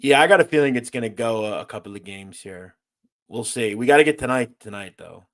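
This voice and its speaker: A man's voice: mid-range voice, expressive, brisk. A man hosting a casual livestream, reading viewer comments aloud and joking around. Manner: loose, joking, swings from loud to mumbled asides. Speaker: host.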